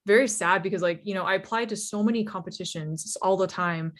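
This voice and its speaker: A young woman telling her founder story in a lively, casual talk, full of fillers and laughs. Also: mid-range voice, brisk. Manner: animated, laughs often, many fillers like "you know" and "like". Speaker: startup founder speaker.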